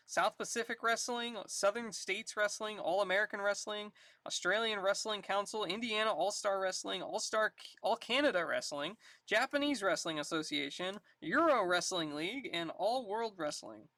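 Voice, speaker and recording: A live streamer chatting casually to viewers, thinking out loud and laughing often, a little out of breath. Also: medium pitch, animated, normal speed, no echo.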